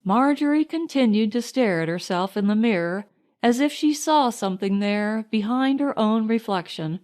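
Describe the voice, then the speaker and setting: A woman narrating an audiobook with an expressive, unhurried reading. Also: mid-range voice. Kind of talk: storytelling narration.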